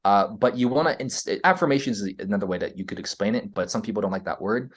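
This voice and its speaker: Earnest American man explaining, lowish voice. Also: fast talker. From United States. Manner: earnest, explaining, frequent "right?" tags and restarts. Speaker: podcast guest. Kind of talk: casual interview talk.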